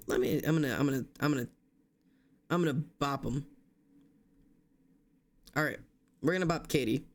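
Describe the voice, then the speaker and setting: A young man streaming, exhausted and yawning, talking casually and apologetically to his chat. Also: mid-range voice.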